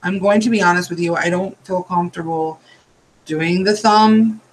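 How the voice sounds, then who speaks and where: High-voiced tired man chatting through a tutorial. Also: fairly even intonation, normal speed, slight background noise, rough recording. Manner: chatty, rambling asides while working. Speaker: nail art tutorial host. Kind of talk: casual step-by-step tutorial.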